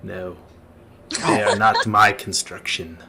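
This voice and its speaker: A man voicing a sinister undead necromancer in slow, formal, theatrical speech. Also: lowish voice, level tone, creaky, very noisy, voice pushed down. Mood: menacing.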